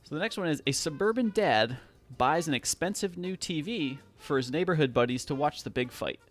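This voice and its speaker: A man's voice: fairly high pitch, animated, faint music behind. A man co-hosting a podcast, casually reading out quiz questions and laughing often. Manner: laughs often, quick and chatty. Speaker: podcast co-host running a quiz. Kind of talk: casual chat.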